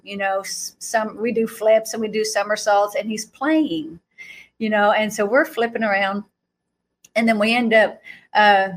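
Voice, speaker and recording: A woman guest speaker recounting a vision in animated storytelling, acting out quotes and laughing often. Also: mid-range voice.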